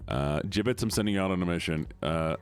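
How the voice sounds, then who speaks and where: A man's voice: deep voice, fast, soft background music. A man streaming a video game, chatting casually with his viewers in a rambling, talkative way. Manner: chatty, talks to chat, rambling asides.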